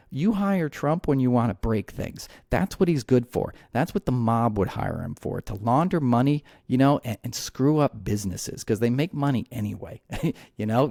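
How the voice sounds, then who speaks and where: A man's voice: mid-range voice, vocal fry, a little mellow, dry recording, studio quality. A man hosting a podcast, ranting heatedly about politics with many restarts and repeated words. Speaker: podcast host. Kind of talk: angry political commentary.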